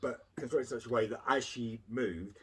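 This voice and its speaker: A man co-hosting a casual review chat, giving measured, thoughtful opinions. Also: medium pitch, a bit bright, slightly rough. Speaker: podcast co-host.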